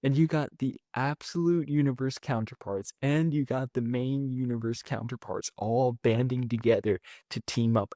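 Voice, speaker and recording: Excitable man recapping a comic, dry sound. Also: medium pitch, no room sound. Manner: excitable, rambling, quotes characters with "he's like". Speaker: comics recap channel host. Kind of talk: casual comic book recap.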